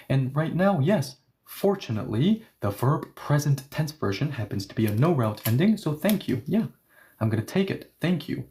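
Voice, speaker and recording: A man's voice: medium pitch, darkish tone, a little hiss or hum. A man teaching a grammar lesson, explaining each step and asking questions that he then answers himself. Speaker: Korean language teacher.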